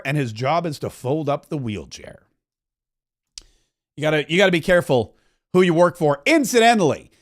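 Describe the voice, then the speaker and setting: A man from Florida hosts a political commentary podcast in a fairly high voice. He riffs loosely and mocks his subjects with sarcastic asides. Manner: mocking, riffing asides. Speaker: podcast host.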